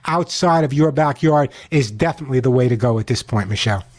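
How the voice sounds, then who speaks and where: A man hosting a call-in pet advice radio show, talking in a chatty, energetic way and giving out the phone number slowly. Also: mid-range voice.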